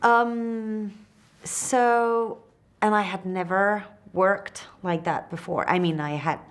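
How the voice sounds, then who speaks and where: A woman's voice: medium pitch, steady tone, slow, smooth. A woman with a French accent, an actress speaking English as a second language in an interview, hesitant and searching for words. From France. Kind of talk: interview answers.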